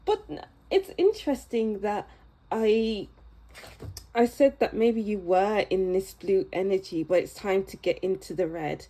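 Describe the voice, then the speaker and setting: Slow, mellow-voiced woman reading tarot. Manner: soft, musing and unhurried, drifting into a low near-whisper. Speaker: tarot reader. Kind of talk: pick-a-card tarot reading.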